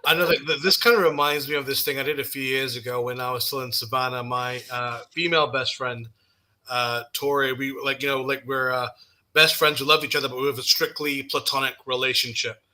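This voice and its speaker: Bright-voiced man telling a prank story. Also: medium pitch, fairly quick, rough recording. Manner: animated, laughing while telling stories. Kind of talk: casual storytelling chat. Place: live studio conversation.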